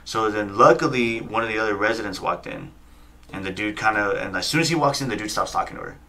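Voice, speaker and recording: A man in his thirties, a podcast guest, telling a story in quick, profane casual chat and acting out the quotes. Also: fairly low pitch, sharp tone. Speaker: guest, fighter and coach. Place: podcast studio.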